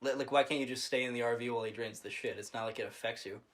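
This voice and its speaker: Animated, cursing male podcast co-host. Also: mid-range voice, rapid-fire. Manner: animated, swears often, rises to loud outbursts. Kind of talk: casual movie recap chat.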